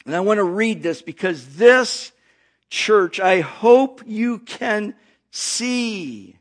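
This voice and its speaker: A man preaching a sermon, reading scripture and calling out to the congregation with slow emphasis. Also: high voice, expressive.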